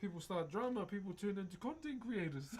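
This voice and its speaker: A man's voice: sits high, animated, a little fast, noisy background. Cheeky New Zealand man streaming live. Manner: cheeky, laughs often, chats with viewers. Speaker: live-streaming wood carver. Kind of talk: casual live-stream chat.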